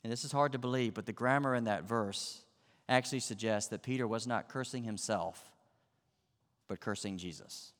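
A man's voice: medium pitch, moderate pace, a bit bright, in a large hall. A man preaching a sermon as a pastor, acting out the voices in the story with drama.

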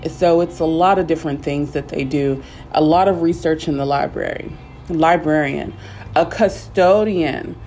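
A woman teaching a simple English lesson, speaking patiently and repeating words slowly for learners. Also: sits low, darkish tone, faint music behind. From United States.

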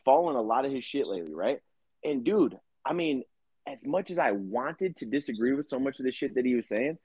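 Husky male podcast co-host, animated and profane, dry and slightly dull sound. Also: mid-range voice, no echo. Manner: profane, animated storytelling with put-on quotes. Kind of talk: casual chat.

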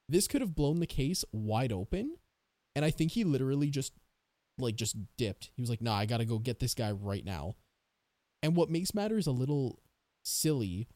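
Guy rambling sarcastically on a true crime pod, mellow voice, dry sound. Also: medium pitch, no room sound. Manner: rambling, sarcastic, thinks aloud. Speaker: podcast host. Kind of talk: casual true-crime podcast chat.

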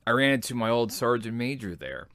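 A man's voice: medium pitch, big pitch swings, fairly quick, a bit bright, no room sound, clean studio sound. A man in his thirties telling personal army stories in a laid-back, self-deprecating, rambling way. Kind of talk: personal storytelling.

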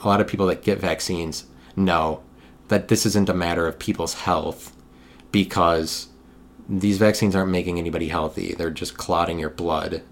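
A young man hosting a solo podcast, talking in a meandering monologue with frequent restarts, sometimes getting loud when riled. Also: low-pitched. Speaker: podcast host.

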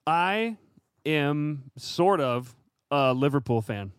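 A man co-hosting a casual podcast, chatty and quick to laugh, with lots of fillers. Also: on the high side, expressive, clear, resonant tone, no room sound, clean studio sound. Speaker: podcast co-host. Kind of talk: casual chat.

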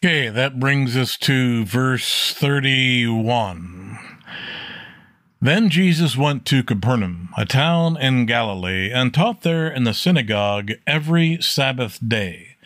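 A plainspoken man at a mid pitch teaches an informal Bible study, reading verses and then explaining them in his own words. He often pauses to check in with his listeners. The sound is close and dry, with no room around it. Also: fairly bright tone, dry recording. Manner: plainspoken, repeats "okay?" to check listeners follow; reads scripture aloud with rising emphasis.

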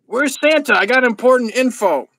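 A loud, crude, gluttonous brute, as a man reading a story puts him on, sneering insults in a high, tight voice. The sound is dry and close to the mic, with no room around it. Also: lively intonation, normal speed, vocal fry, dry recording, full character voice, low-quality recording. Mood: angry, sneering.

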